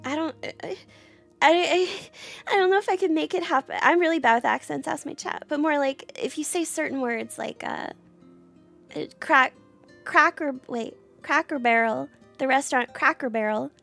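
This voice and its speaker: A woman from the American South with a mild Southern accent, chatting casually as a streamer, animated, laughing often and restarting her sentences. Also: high voice, moderate pace, gravelly, faint music behind. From Southern United States. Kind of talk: casual chat.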